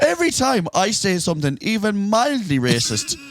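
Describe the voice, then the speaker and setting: A man's voice: high-pitched, wildly swooping pitch, normal speed, a little hiss or hum. A man co-hosting a podcast, teasing his friend in casual banter and laughing often. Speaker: podcast co-host.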